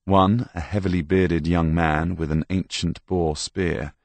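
A man reading a dark fantasy audiobook as narrator, in a measured, deliberate storytelling manner. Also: low-pitched, fairly even intonation, no echo. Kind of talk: scripted narration.

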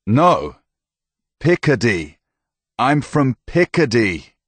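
A man's voice: medium pitch, slow pace, no room sound, voice pushed up, natural voice. A man voicing an earnest young knight who swears his innocence emphatically.

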